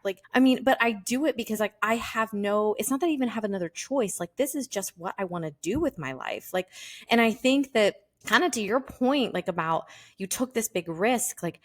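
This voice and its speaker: A woman hosting a podcast, talking candidly and animatedly, with "like" in nearly every phrase. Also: a little high. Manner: animated, candid, says "like" constantly. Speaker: podcast host. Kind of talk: casual conversation.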